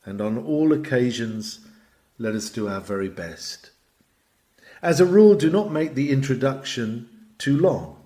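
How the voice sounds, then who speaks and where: A man reads an old sermon aloud, his voice sitting in an ordinary middle register. His delivery is animated and dramatic, rising to emphatic swells and falling back to quiet drops. It sounds like a read-aloud sermon. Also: mid-range voice, measured pace. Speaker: sermon reader.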